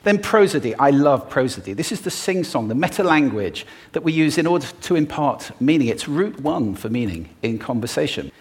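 A man giving a talk on stage to a live audience, playful and expressive, demonstrating vocal techniques as he speaks. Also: medium pitch, normal speed.

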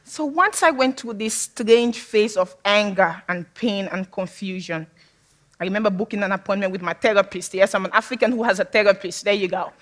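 A woman's voice: medium pitch, fairly quick. A woman from Sierra Leone giving a personal talk to an audience, speaking candidly and with humor, often laughing. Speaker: public speaker.

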